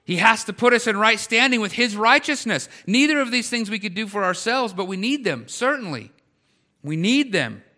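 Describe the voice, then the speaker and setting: Bright-voiced male pastor preaching. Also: high-pitched, expressive, moderate pace. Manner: conversational preaching with rising intensity. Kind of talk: sermon.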